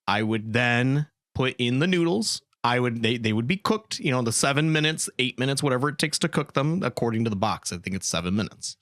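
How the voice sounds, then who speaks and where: A man's voice: mid-range voice, expressive, brisk, few pauses, fairly bright tone, no echo. A man hosting a laid-back podcast, rambling and restarting his sentences with repeated words. His voice is recorded close and dry, with no room around it. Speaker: podcast host. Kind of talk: casual podcast chat.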